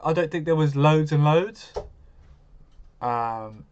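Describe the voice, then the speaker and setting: A man's voice: on the high side, slow, darkish tone, dull audio, slight background noise. A man hosting a live stream, chatting casually and answering viewers' comments as he goes.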